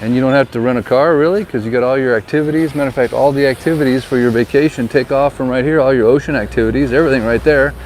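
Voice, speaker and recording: A man narrates his stroll through a harbor town in an easy, conversational vlog manner. He points things out and offers tips like a friendly local guide. Traffic and street noise come through clearly behind him. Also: medium pitch, quick pace, few pauses, rough recording. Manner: chatty, relaxed tour-guide commentary. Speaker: vlogger and real estate agent. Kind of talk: casual walking vlog narration.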